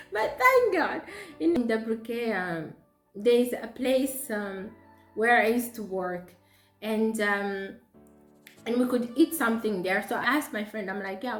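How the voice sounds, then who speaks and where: Woman vlogger with a Zambian accent, lively and laughing, recorded in an echoey room with soft music underneath. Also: a little high. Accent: Zambian English. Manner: animated, laughs often while telling the story. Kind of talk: storytime vlog. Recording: roomy echo with faint background music.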